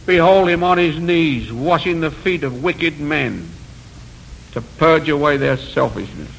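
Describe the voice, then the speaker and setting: A man's voice: on the high side, lively intonation, unhurried, gravelly, fairly bright tone, rough recording. A man preaching a sermon in an earnest, rhetorical manner, building emphasis through repeated phrases. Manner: self-deprecating asides.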